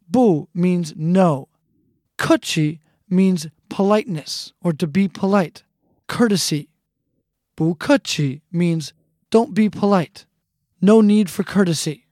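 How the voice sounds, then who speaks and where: A woman teaching a language lesson, saying phrases slowly and repeating them with care. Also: on the low side, warm tone, no echo, clean studio sound. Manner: slow, deliberate repetition of phrases.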